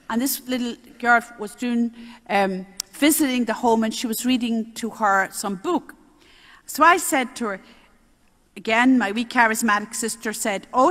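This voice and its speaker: An older woman, a nun giving a spiritual talk on prayer, telling stories in a lively way with little chuckles. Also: on the high side. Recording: roomy hall reverb.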